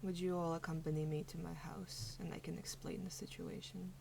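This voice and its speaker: A woman voicing a calm, polite Furbolg elder who speaks softly and quietly in a tabletop game. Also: lowish voice, a little fast, gravelly, very noisy. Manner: soft, quiet, gentle.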